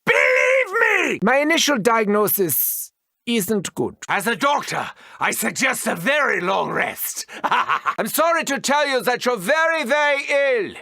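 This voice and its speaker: An actor playing an unhinged, cruel male mad scientist doctor in a video game, with gleeful, theatrical, mocking delivery and a gravelly edge. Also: very high-pitched, sing-song, unhurried, pushed and bright, no echo, clean studio sound, heavily acted. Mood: gleeful menace.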